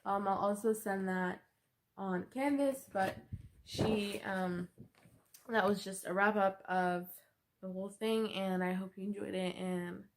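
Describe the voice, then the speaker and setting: A woman's voice: mid-range voice, fairly even intonation, unhurried, a little hiss or hum. A young woman student giving a book report presentation, talking hesitantly with many fillers.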